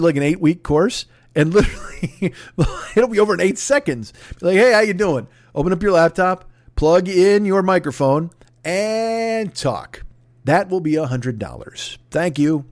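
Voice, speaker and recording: A man's voice: medium pitch, a little mellow, no echo. A man in his forties hosting his own podcast, rambling through plugs with self-deprecating, profane asides, recorded on a dry close mic. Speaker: podcast host. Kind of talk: casual solo podcast plugs.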